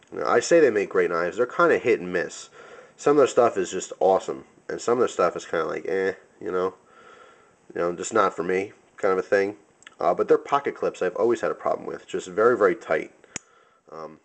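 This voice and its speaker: Young male reviewer with a very low voice, loose and rambling, full of ums and restarts. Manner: rambling, many fillers and self-corrections. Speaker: knife reviewer. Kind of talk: casual product review.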